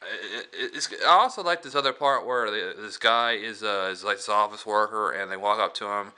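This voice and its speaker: A man's voice: lowish voice, normal speed, pushed and bright, smooth. A man casually reviewing a movie, rambling with lots of hesitations and restarts and chuckling at his own retelling.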